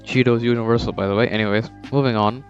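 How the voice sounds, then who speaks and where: A man's voice: medium pitch, steady tone, fast talker. A young man casually recapping a fan story with rambling, swearing asides. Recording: dull lo-fi with background music.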